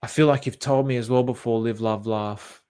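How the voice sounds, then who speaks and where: A man's voice: medium pitch, steady tone, moderate pace, mellow, clear, resonant tone. An Australian man chatting casually on a livestream, thinking aloud with lots of fillers and restarts as he reacts to viewer comments. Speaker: crypto chart commentator.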